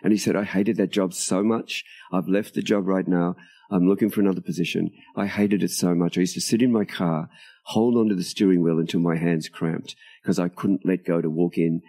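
Older man, dark mellow tone, slightly husky, storytelling interview guest, recorded outdoors. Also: sits low, fairly quick. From Australia. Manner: animated storyteller, acts out quoted dialogue, laughs often. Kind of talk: storytelling in conversation. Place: outdoors at a tropical home near a beach.

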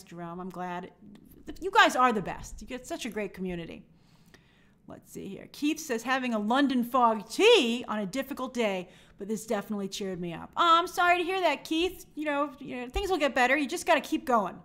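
A woman's voice: fairly high pitch, fairly bright tone. A young woman hosting a movie live stream, chatting upbeat and reading out viewer comments.

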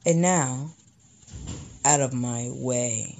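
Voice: medium pitch, extremely slow, darkish tone, a little hiss or hum, pitched below the performer's own voice. Gamer doing a haughty fire champion.

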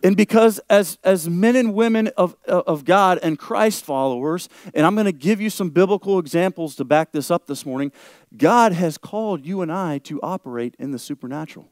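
A man preaching a church sermon in a fairly high voice. He checks in with his listeners often and climbs louder and higher when he drives a point home. The sound is dry and close. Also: normal speed, dry recording. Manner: asks the congregation for agreement often. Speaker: pastor.

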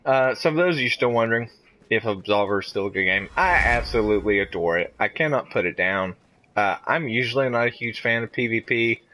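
A man streaming a fighting game who jokes around and reacts loudly to the action. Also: mid-range voice, a little fast. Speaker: gaming streamer. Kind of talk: casual gameplay commentary. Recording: steady background noise.

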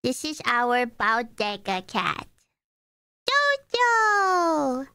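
A woman's voice: a little high, animated, measured pace, a bit bright, no room sound. A woman streamer chatting casually while gaming, playfully dramatic and indignant, talking to her chat and her cat.

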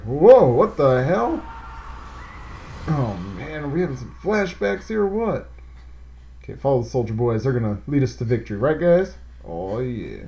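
A man hosting a video game let's play, talking casually and excitedly to his viewers as he plays. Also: on the high side. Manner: excitable, rambling, talks straight to viewers. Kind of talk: casual gameplay commentary.

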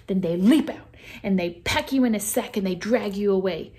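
A woman voicing a bossy, teasing older boy monster who growls his words slowly in a storybook reading. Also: mid-range voice, warm tone, lightly acted. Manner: growling and slow.

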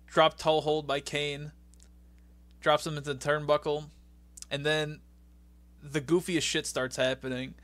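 A man's voice: a little high, little pitch movement, a little slow, long pauses, fairly bright tone, dry recording. A young man co-hosting a casual podcast, animatedly recapping a match and laughing as he goes. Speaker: podcast co-host recapping wrestling.

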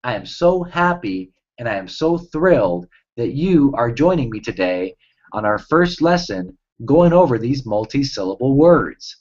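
A man teaching a children's reading lesson as a reading tutor, cheerful and enunciating each word slowly for young kids. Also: mid-range voice, sing-song, a little mellow. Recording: dull lo-fi recording.

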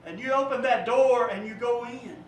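A man preacher giving a sermon, telling a vivid story that swells and drops to a hush. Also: extremely high pitch, normal speed. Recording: echoey room, from far off, faint noise.

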